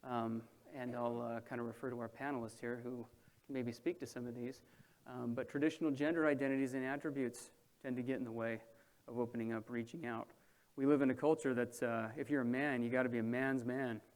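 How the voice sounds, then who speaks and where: A man's voice: mid-range voice, steady tone, brisk. A man moderating a panel and addressing an audience in a room, talking in a conversational way that keeps checking in with the listeners. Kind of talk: presentation to an audience.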